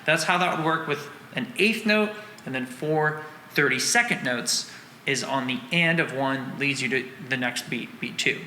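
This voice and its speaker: A man's voice: medium pitch, moderate pace. A man teaching a drum lesson, breaking down snare rhythms and counting and singing the beats aloud in syllables while explaining with casual fillers. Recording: roomy echo with long reverb, loud drum music behind. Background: drum line music.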